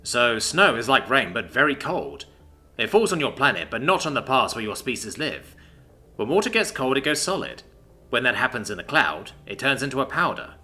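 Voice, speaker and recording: A man voicing a gentle, kind grown man calmly explaining things to his alien pet. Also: medium pitch, normal speed. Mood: soothing. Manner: calm, soothing, explaining. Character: gentle, kind adult male alien owner.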